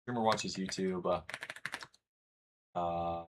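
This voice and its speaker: A man's voice: sits low, fairly even intonation, slow, background noise. A young man from the United States chatting casually with his livestream chat, rambling and reading messages aloud. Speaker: streamer.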